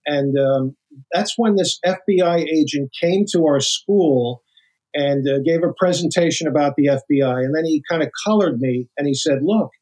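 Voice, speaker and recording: A man's voice: fairly high pitch, moderate pace, low-quality recording. An older man, a former agent, telling stories in an interview with many restarts. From United States. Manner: animated anecdotes, acts out quoted voices, many restarts. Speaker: guest, former FBI agent. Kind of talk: storytelling interview talk.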